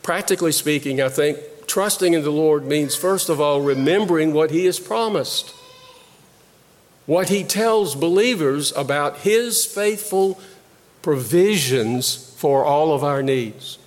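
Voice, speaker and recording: A man preaching a sermon, slow and deliberate, pausing and repeating phrases as he teaches. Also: a little high, big-room sound. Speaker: pastor.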